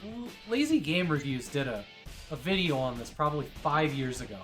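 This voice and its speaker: A woman's voice: low-pitched, big pitch swings, fairly quick, faint music behind. A woman hosting a casual stream, rambling with lots of fillers and gushing over her dog. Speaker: streamer host.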